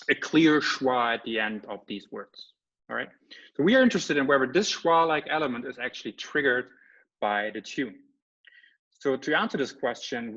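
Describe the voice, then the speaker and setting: A man's voice: mid-range voice, fairly bright tone. A man giving an academic lecture as a guest speaker. He explains step by step and often checks in with "right?" or "okay?". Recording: slightly muffled lecture audio.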